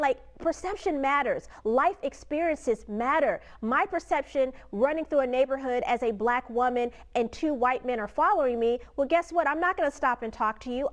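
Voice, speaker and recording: Emphatic high-voiced woman legal analyst. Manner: direct, emphatic. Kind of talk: news analysis.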